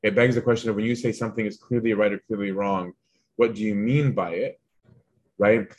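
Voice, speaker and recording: A man's voice: fairly low pitch, steady tone, fairly quick, a little mellow, slightly rough. A man giving an informal spiritual lesson in a conversational way, often checking in with "right?" and retelling a text with animation. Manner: conversational, tags lines with "right?". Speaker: teacher.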